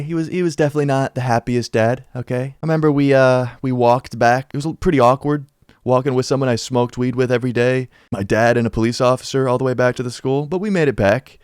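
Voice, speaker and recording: A young man spins a school-days story for his channel in loose, slangy talk. He jumps his voice up and down to act out the people in it. His voice is mid-pitched and sounds close and dry, with no room around it. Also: fast, clean tone, no room sound. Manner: animated, slangy, acts out quotes with shifting pitch. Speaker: YouTuber telling a life story. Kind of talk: casual storytelling over gameplay.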